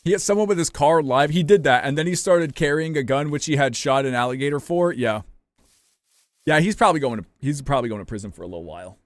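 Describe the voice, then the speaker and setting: A man's voice: a little high, quick pace, dry recording. A young man from the United States, a streamer rambling casually to his chat while gaming, loose and profane.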